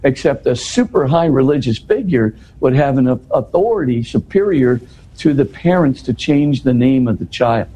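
A man's voice: medium pitch, animated, moderate pace, warm tone, low-quality recording. A man explaining a scripture passage in a scholarly but casual way, with frequent restarts and "you know". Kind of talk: conversational explanation.

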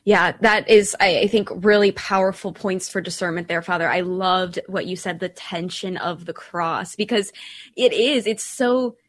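A woman's voice: fairly low pitch, moderate pace. A woman co-hosting a conversation, responding in a reflective, affirming way.

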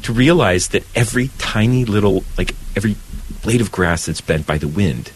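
A middle-aged priest with a low, husky voice speaks in an earnest, heartfelt way. He pauses and restarts as he explains, settling into gentle encouragement. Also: animated, rough recording. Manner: earnest, warm-hearted, pausing and restarting often. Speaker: Catholic priest. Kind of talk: faith conversation.

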